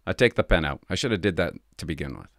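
A middle-aged man tells a story from his years as a police officer, acting out the people he quotes. His voice is low and gravelly and rises and falls a great deal. The sound is dry and close. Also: fast talker, dry recording. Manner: animated, acts out the people he quotes. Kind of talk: casual storytelling monologue.

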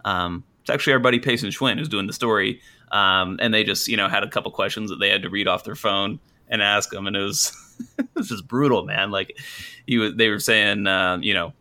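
A man with a fairly low voice and a bright, forceful tone co-hosts a casual sports podcast. He rambles through his stories with lots of "uh"s and restarts. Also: fairly quick. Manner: rambling, lots of fillers and restarts, laughs often. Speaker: podcast co-host.

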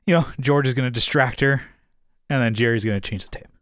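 A fast-talking man with a fairly bright tone co-hosts a podcast recapping a TV episode in casual conversation. He laughs and swears often and uses high-pitched voices for quotes. The audio is studio quality with no echo.

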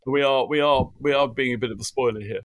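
Talking quickly in a mid-range voice with no room sound, a middle-aged guest biographer spins stories during a remote interview from his home office. He peppers his lively anecdotes with fillers and performs the quotes as he goes.

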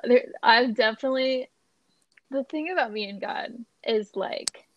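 A young woman speaks candidly as a guest in a relaxed faith conversation, laughing easily and joking. Her voice sits a little high, and the recording is dry and close. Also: measured pace, dry recording, muffled recording. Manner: candid, laughs often, playful. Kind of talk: casual faith chat interview.

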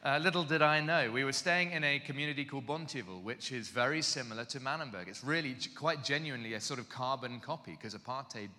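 A man preaching in an animated, self-mocking storytelling way, heard in a reverberant hall. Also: mid-range voice, fast, few pauses. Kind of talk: storytelling sermon.

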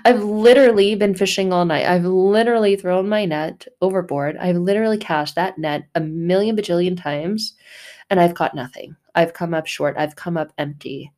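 A woman's voice: on the high side, very animated, normal speed, darkish tone, voice pushed up. A woman voicing an angry, exasperated disciple who has caught nothing all night, ranting and indignant. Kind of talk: acted quote in a faith talk.

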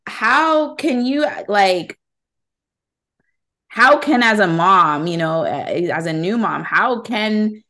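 A woman in her thirties hosting a podcast, talking loosely, restarting her questions and laughing as she goes. Her voice sits at an ordinary middle pitch. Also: expressive, slow pace, sharp tone. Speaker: podcast host. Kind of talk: casual podcast conversation.

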